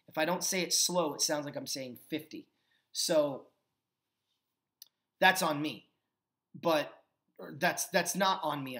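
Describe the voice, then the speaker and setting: A man hosting his own football talk show, giving opinionated commentary with emphatic rhetorical questions. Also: a little high. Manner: calmer and earnest when thanking fans. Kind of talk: opinionated sports commentary monologue.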